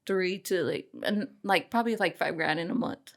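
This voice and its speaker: A woman's voice: on the low side, moderate pace, creaky. A young woman host chatting candidly about her beauty business, swearing freely and using slang. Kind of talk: casual chat.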